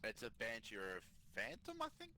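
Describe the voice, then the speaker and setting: A man's voice: medium pitch, wildly swooping pitch, a little fast, bright, forceful tone. An Australian man chatting casually with friends while playing a game online, laid-back and teasing. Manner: laid-back, teasing, keeps saying mate. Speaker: gamer on a group stream. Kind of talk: casual gaming chat.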